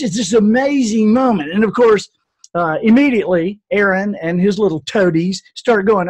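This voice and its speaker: Casting: older male author, husky, unhurried storyteller in an interview. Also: high-pitched. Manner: earnest, reflective storyteller. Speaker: author and speaker.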